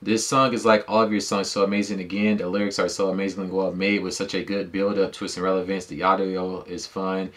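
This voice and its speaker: Laid-back low-voiced man reacting to music. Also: level tone, brisk, hardly any pauses. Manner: laid-back, slangy, thinks aloud with fillers. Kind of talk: casual reaction commentary. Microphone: dedicated microphone.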